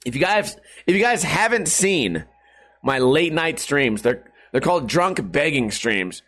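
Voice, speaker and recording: Guy in his 30s ranting and cracking jokes to his webcam, swears a ton, kinda high voice. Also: animated, measured pace, a bit bright. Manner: profane, joking, rambling. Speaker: streamer. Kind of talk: casual rambling vlog. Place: hot house. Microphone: webcam setup at home.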